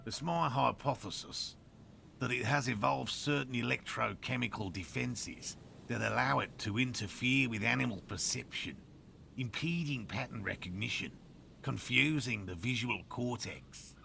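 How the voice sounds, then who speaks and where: An actor playing a dry, sarcastic, learned middle-aged cryptozoologist in a video game. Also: male voice, medium pitch, moderate pace, vocal fry, sharp tone, a little hiss or hum. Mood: wry. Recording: game audio with music behind.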